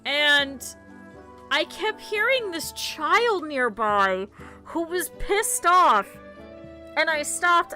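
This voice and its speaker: A woman streamer with a high-pitched, sharp voice chats casually with her viewers while playing, rambling off into stories and talking directly to chat.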